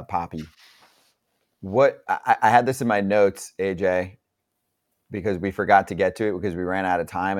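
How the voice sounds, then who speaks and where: A man hosting a sports podcast in a relaxed, conversational way. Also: low voice. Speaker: podcast host. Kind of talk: casual podcast chat.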